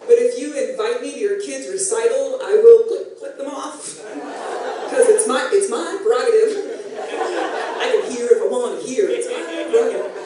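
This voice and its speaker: Middle-aged woman, stand-up comic, high voice, chatty self-deprecating delivery, distant stage mic in an echoey room. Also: moderate pace, noisy background. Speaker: stand-up comedian. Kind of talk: stand-up comedy set. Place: comedy club stage, live audience.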